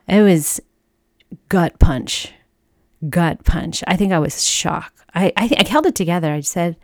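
A woman with a low voice shares a personal faith testimony with her listeners. She tells it earnestly and with feeling, voicing the people in her story. The sound is dry and close, with no room echo. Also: takes it slowly, long pauses, darkish tone. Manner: earnest, emotional storytelling with quoted dialogue. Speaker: speaker sharing a personal testimony.

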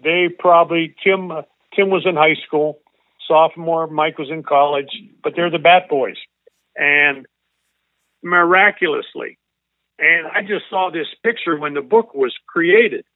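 An older man, a former baseball coach, telling a long emotional story as an interview guest in an earnest, halting way. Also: a little high, no echo. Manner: earnest, halting, repeats himself. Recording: tinny phone-like line.

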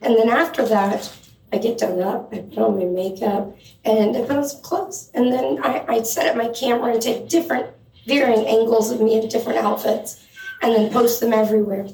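A woman's voice: on the high side, fairly even intonation, a little fast, darkish tone. A woman co-hosting a comedy news segment on stage, joking and self-absorbed and urging the audience to laugh. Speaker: comedy co-host. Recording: echoey room from far off.

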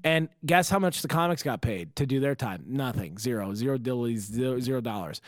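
A man's voice: medium pitch, animated, brisk, dry recording, studio quality. A man, a comedian, telling long profane stories in casual podcast chat, with plenty of fillers. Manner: rambling, profane storytelling with many fillers.

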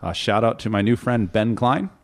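A man's voice: fairly low pitch, normal speed. A man co-hosting a casual beer podcast, chatty and friendly, often restarting his sentences. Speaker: podcast co-host.

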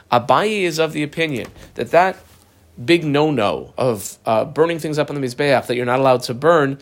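Man teaching a Talmud page. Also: mid-range voice. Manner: explains term by term, reads Aramaic then translates; uses Yiddish-influenced yeshiva pronunciation of Hebrew. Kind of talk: Talmud study class.

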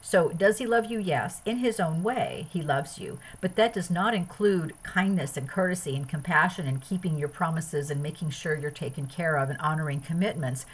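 A woman's voice: low-pitched, normal speed, hardly any pauses, slightly rough, rough recording. A woman hosting a podcast, giving an earnest spiritual self-help talk that runs through long lists of phrases. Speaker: podcast host.

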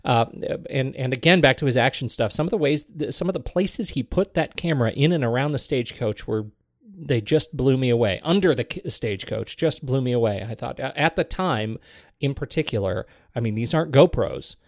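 A man co-hosting a podcast, talking about a film with enthusiasm and quick bursts of laughter. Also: mid-range voice, lively intonation, no room sound, clean studio sound. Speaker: podcast co-host. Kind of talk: casual film discussion.

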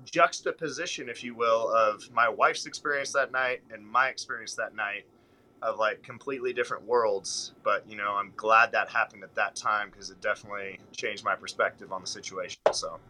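A man with a very bright, forceful voice recounts a long story from the road. He talks casually and animatedly, with lots of fillers and asides. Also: lowish voice, normal speed, poor audio. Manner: animated, rambling anecdote-telling with fillers. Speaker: touring country musician.

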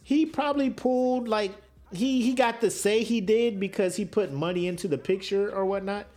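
A man co-hosting a podcast in casual banter, slangy and animated, laughing often. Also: high-pitched, moderate pace. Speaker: podcast co-host.

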